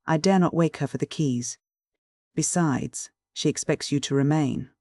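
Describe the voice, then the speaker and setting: A man's voice: fairly high pitch, unhurried, darkish tone, no room sound, clean studio sound. A man voicing a demure young French maid.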